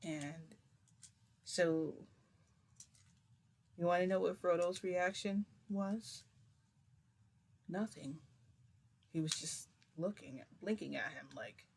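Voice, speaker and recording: A woman telling a long personal story in a casual, rambling way, full of fillers and restarts, keeping her voice low. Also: slow pace, long pauses, a little hiss or hum. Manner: rambling, filler-heavy retelling with many restarts; speaks low to keep quiet. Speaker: storytime vlogger.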